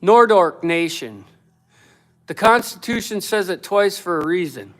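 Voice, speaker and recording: With a high, expressive, fairly bright voice and a measured pace, a male woodworker livestreams from his home workshop. He curses constantly and rants combatively at his chat during the build.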